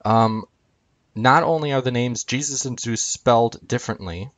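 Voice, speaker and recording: This lecturer has a mid-range voice and a moderate pace, recorded dry. Pointing to an on-screen chart, he goes over each entry unscripted, his speech dotted with ums and uhs.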